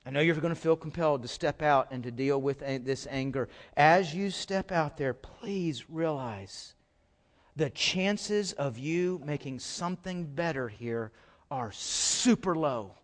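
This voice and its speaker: Speaking a little slowly, a middle-aged man preaches as a pastor, alternating booming emphasis with soft, low remarks. Repeated words underline his points.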